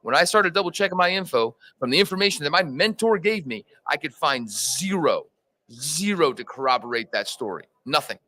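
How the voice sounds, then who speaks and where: Animated fire instructor telling stories. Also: male voice, fairly high pitch, a little fast, poor audio. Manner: animated storyteller, acts out dialogue. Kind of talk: conversational storytelling interview.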